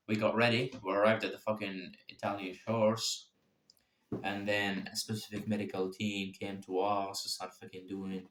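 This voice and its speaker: A young man telling his own story casually, swearing freely and jumping in pitch and loudness. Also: slight background noise. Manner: profane, animated, sudden swings in pitch and loudness. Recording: echoey room.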